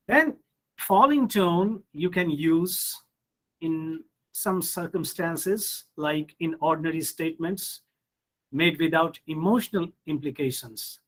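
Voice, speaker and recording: A man's voice: on the high side, measured pace, a bit bright. A middle-aged man with an Indian English accent, a professor giving an online pronunciation lecture who explains rules and reads example sentences with exaggerated intonation.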